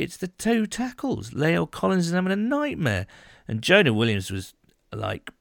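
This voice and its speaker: Male podcast co-host, lowish pitch, dry close mic, loose and rambling delivery. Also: gravelly, no room sound. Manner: rambling, many fillers and restarts. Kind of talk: casual sports chat.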